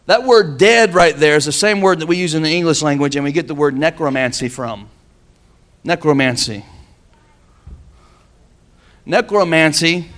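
A man's voice: on the high side, a bit bright. A man preaching a sermon, calling on the congregation to answer back. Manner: preaching with call-and-response. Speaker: pastor.

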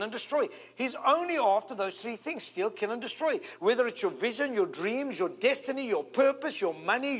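A man from South Africa with a South African accent, preaching a sermon in an animated way, stretching key words and calling for amens from the congregation. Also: very high-pitched.

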